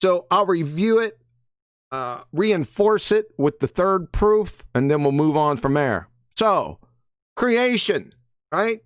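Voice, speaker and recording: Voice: medium pitch, very animated, slow, clean tone, no echo, studio quality. A live-show host giving combative commentary, emphatic and mocking, often tagging lines with "right?". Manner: emphatic, keeps asking "right?". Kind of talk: live-stream commentary reading quotes.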